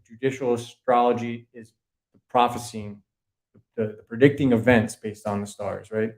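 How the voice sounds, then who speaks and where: A man's voice: medium pitch, a little mellow. Profane Boston-accented man lecturing on a call. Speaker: podcast guest. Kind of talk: casual conspiracy-history chat.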